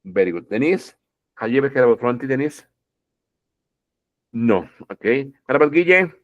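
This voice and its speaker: Male English teacher, animated pitch, keeps asking "okay?", dull video-call sound. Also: moderate pace. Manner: keeps checking in with "okay?", repeats words, addresses students fondly. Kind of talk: online English grammar lesson.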